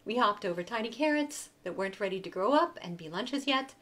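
A woman museum educator reading a picture book aloud to young children in an expressive, sing-song way. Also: mid-range voice, fairly quick.

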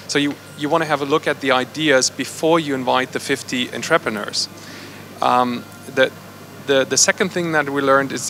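A man's voice: mid-range voice, creaky, background noise. A man casually reporting his group's findings at a conference session, hesitant and full of fillers and restarts. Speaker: workshop participant reporting back.

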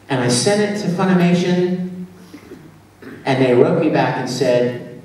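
A man speaking on a convention panel, telling lively stories to fans and laughing often. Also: on the high side, slow pace, pauses often. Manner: animated storyteller, laughing often. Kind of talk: live convention panel talk. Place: large convention hall. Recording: far-off echoey hall recording, faint crowd noise.

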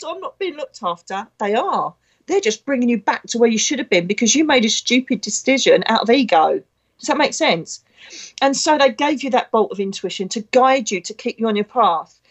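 A middle-aged woman, a psychic medium, telling a spiritual story in a blunt, chatty, emotional way. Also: medium pitch. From Britain. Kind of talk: casual spiritual talk.

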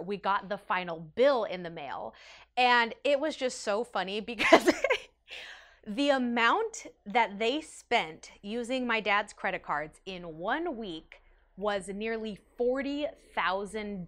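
A young woman telling a personal story in a casual vlog, animated and self-mocking, jumping up in pitch when she quotes other people. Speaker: YouTube storyteller.

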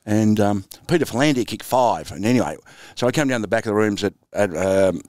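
A man's voice: on the low side, animated, a little fast, a little mellow, no room sound, studio quality. An Australian man in his sixties, a former footballer and coach, telling anecdotes in a laid-back, chuckling interview style. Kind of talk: storytelling interview.

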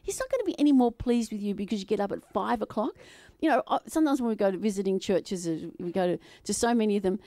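A woman preaching a sermon to a congregation in an animated, playful way, often laughing and acting out voices. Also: medium pitch, quick pace, hardly any pauses, no echo, clean studio sound. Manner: acts out quoted voices.

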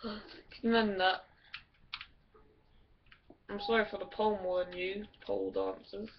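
A woman's voice: medium pitch, fairly even intonation, normal speed, gravelly, noisy background. A woman rambling crudely and giggling through game commentary. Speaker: gamer. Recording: distant dull mic with music.

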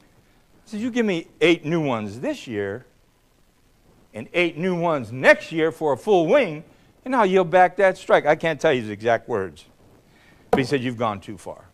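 An older man giving a public speech, telling a story in a blunt, combative way, swinging between loud bursts and low remarks. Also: big pitch swings, unhurried, long pauses. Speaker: speaker. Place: hall.

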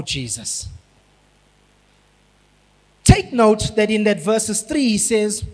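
A man from South Africa, a pastor preaching a sermon, building up to shouted emphasis. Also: high voice, slightly rough. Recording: long hall reverb.

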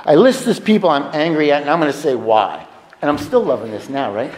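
A man's voice: fairly high pitch, lively intonation, normal speed, darkish tone, a little hiss or hum. A man speaking frankly and with wry humor at a recovery meeting. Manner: frank, confessional, wryly humorous. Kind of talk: personal recovery talk. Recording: reverberant hall.

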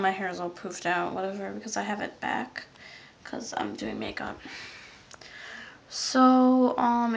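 A woman casually rambling through a makeup vlog. She often trails off into soft mutters. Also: medium pitch, creaky. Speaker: makeup vlogger. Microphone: phone. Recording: lo-fi phone recording.

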